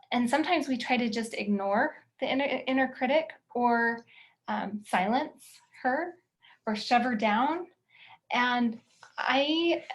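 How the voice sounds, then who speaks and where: A woman teaching a confidence workshop in an earnest, encouraging way, often asking the listener questions. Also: fairly high pitch. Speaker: confidence coach.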